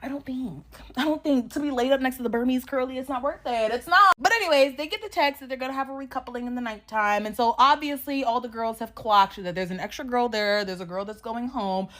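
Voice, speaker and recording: Sassy woman ranting through a reality show recap, slightly high voice, swears a lot, laughs a lot. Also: a little fast, a bit bright. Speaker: recap vlogger.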